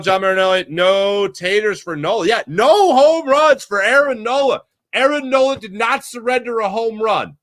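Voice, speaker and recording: A man's voice: a little high, dry recording, clean studio sound. A man hosting a postgame baseball show, talking casually and emphatically with his live chat. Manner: animated, emphatic, repeats himself for effect. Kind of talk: casual sports talk, reading live chat.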